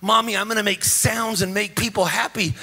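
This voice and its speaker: A man's voice: high-pitched, steady tone, a little fast, pushed and bright, soft background music, exaggerated voice. A man voicing an eager young blind boy in an earnest, pleading tone while preaching.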